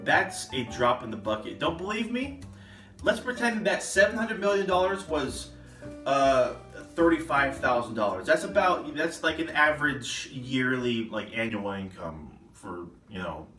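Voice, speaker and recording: A man's voice: mid-range voice, expressive, unhurried, bright, forceful tone, echoey room, distant mic, soft background music. A man ranting indignantly in a political vlog, sarcastic and getting worked up. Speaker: political vlogger. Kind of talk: ranting commentary.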